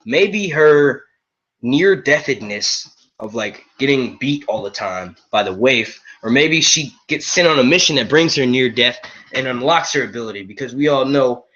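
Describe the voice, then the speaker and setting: A man streaming casual chat to his viewers, excitable and profane, full of slang and jumping between topics. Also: medium pitch, normal speed, muffled recording. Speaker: YouTube reviewer streaming to viewers.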